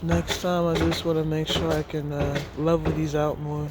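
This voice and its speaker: A man's voice: on the high side, flat delivery, moderate pace. A man casually narrating a walk through his home garden, laid-back and rambling, chuckling to himself as he films outdoors. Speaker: gardening vlogger. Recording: outdoor clip with loud traffic noise. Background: loud traffic and street ambience.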